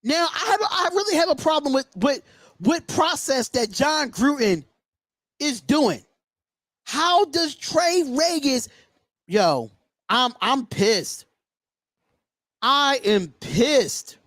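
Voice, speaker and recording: A man's voice: extremely high pitch, big pitch swings, slow pace, a bit bright, no room sound, clean studio sound. A man hosting a sports call-in show, ranting in an indignant, emphatic way and repeating himself. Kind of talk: sports talk livestream rant.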